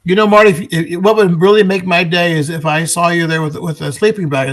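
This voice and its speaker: Man, somewhat high voice, interview guest, event organizer, enthusiastic, promotional, stop-start phrasing. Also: fairly even intonation, brisk. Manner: enthusiastic, promotional, frequent restarts. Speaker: guest, pinball expo organizer. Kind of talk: casual interview chat.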